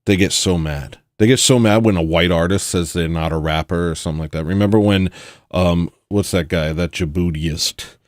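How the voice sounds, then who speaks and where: Low-voiced blunt ranting man. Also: moderate pace, dry recording, clean studio sound. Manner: blunt, provocative ranting with mocking asides. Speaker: podcast host. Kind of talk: casual opinionated monologue.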